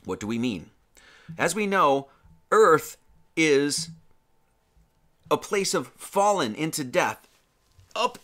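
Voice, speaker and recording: Lively man preaching a casual sermon. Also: on the high side. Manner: animated, chatty, many restarts and slang. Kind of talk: casual sermon with Bible reading.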